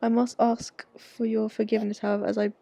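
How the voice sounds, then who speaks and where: A woman voicing a formal, old-fashioned goth gentleman reading out his courtly letter in a game. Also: a little high, little pitch movement, fast talker, creaky. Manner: courtly, flowery letter-writing tone.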